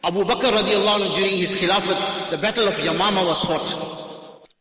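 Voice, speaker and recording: A man preaching a sermon, telling stories with fervor and rising to loud cries. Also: high voice, fairly quick, a little hiss or hum. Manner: impassioned storytelling, rising to cries. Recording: echoey hall, strong reverb.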